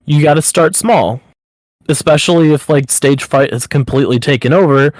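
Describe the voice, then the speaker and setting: Recorded with no room sound, a man with a fairly high, slightly mellow voice co-hosts a casual podcast at a moderate pace. He's upbeat and rambling, his loose runs full of "like."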